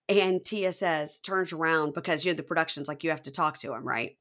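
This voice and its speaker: Bright-voiced woman retelling a show. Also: low voice, a little fast, hardly any pauses. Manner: animated retelling, acting out quotes. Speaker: podcast host. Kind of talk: casual recap chat.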